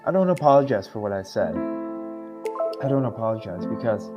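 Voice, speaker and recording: A man's voice: lowish voice, expressive, a little fast, highs cut off, over music. A man from Russia, a guest on a political podcast, speaking in an emotional, earnest way.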